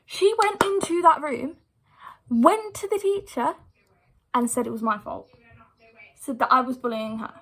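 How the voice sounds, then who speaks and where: A young woman with a slightly high voice tells a story from her school days in a storytime vlog. She talks casually and directly to her viewers, and drops "like" all through her sentences. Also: pushed and bright. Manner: chatty retelling full of "like" fillers. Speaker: vlogger.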